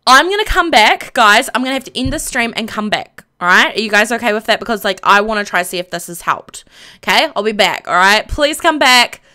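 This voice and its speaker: A woman live-streaming a game, chatting casually to viewers in a flustered, excitable way and exclaiming often. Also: on the high side, a little fast. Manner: flustered, excitable, lots of "oh my gosh" and laughing.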